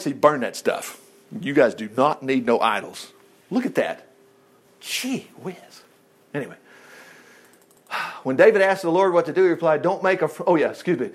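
A man's voice: high voice, fairly bright tone, breathy edge. A man teaching from the Bible in a chatty, folksy way, breaking off into asides and laughing at his own stories. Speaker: preacher.

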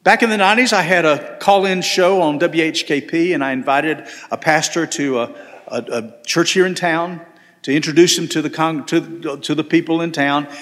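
A man's voice: on the high side, moderate pace, fairly bright tone. A middle-aged man, preaching a sermon as pastor, earnest and emphatic with frequent restarts. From Southern United States. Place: large church sanctuary. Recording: long church hall reverb.

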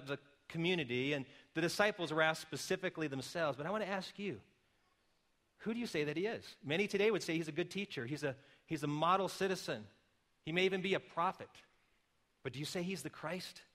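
Delivering a sermon, this middle-aged pastor has a clear, bright voice, pitched slightly high and paced a bit quickly. Careful, calm explanation gives way at times to loud and emphatic calls.

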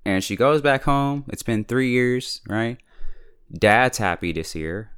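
A man's voice: medium pitch, animated, measured pace, a bit bright, clear, resonant tone. A man casually recapping a TV episode, chatty and full of fillers, often breaking into laughs. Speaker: TV episode reviewer.

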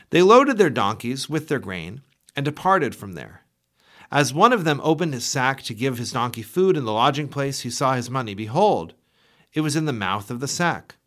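Guy reading the bible for a podcast, measured, lively pitch. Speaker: scripture reader.

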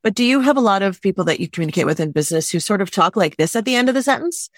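A woman wedding planner speaks with emphatic, animated conviction, slipping into little acted-out quotes. Her voice sits at a middle pitch. The recording is dry and close, with no room around it. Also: very fast, no echo. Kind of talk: casual podcast chat. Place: lives in Los Angeles.

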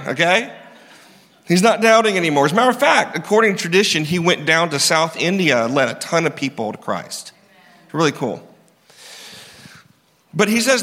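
A male pastor preaches a lively sermon in a fairly high, bright, pushing voice at a moderate pace, pausing often. Conversational and animated, he acts out the people in his story. A long reverb trails his words through a large hall.

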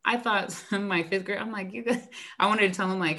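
A woman's voice: mid-range voice, normal speed, fairly bright tone. A woman who teaches elementary school, chatting casually and animatedly, acting out exchanges with her students and using lots of fillers. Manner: frequent fillers like "like". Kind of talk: casual chat.

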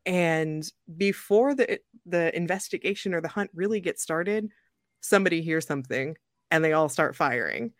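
A young adult woman hosting a podcast, telling a story in a lively, joking way and laughing often. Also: on the low side, normal speed, dry recording, clean studio sound. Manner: animated, jokey, laughs often. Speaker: podcast host. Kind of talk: casual storytelling chat.

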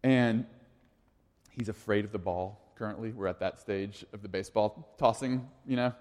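A man's voice: fairly low pitch, moderate pace, darkish tone. A man in his thirties giving a casual, conversational sermon as a youth pastor, in an echoey hall. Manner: casual, conversational, full of "like" and restarts.

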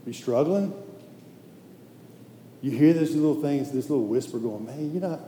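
A man's voice: medium pitch, normal speed. Man preaching in an echoey hall. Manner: conversational, emphatic, drops to hushed intensity. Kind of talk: sermon. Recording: echoey hall with faint noise.

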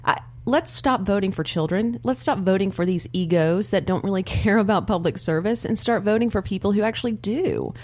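A woman's voice: mid-range voice, fairly quick, few pauses, darkish tone. A woman co-hosting a political podcast in a studio, speaking earnestly and laughing between points. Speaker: podcast co-host.

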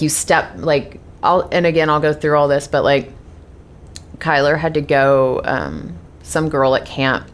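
A woman in her thirties talking casually to her followers, chatty and frank, full of fillers and swearing. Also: a bass voice. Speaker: vlogger sharing personal news.

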